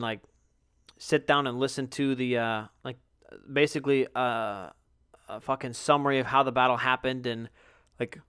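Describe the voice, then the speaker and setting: A man's voice: medium pitch, a bit bright, clean tone, dry recording, clean studio sound. Profane, rambling young man telling a story. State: yawning, tired. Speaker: podcast host. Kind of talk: casual solo podcast storytelling.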